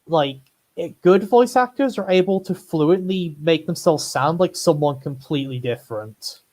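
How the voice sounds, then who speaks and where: A man co-hosts a laid-back podcast, agreeing easily and padding his thoughts with casual fillers. His voice sits a little higher than most men's. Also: moderate pace. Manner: relaxed, agreeable, lots of fillers like "like". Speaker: podcast co-host. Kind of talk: casual chat.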